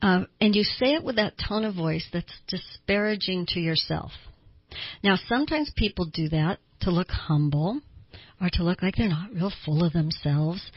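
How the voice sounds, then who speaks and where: Chatty husky woman on talk radio. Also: lowish voice, no room sound, highs cut off. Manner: chatty, explanatory, acts out quotes with a raised voice. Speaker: radio talk host and counselor. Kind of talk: conversational talk radio monologue.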